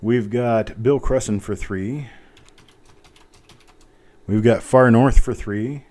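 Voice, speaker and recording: A man hosts a coin auction stream live, speaking slowly in a medium-pitched, slightly mellow voice. His manner is chatty and self-deprecating, and he names bidders as he types.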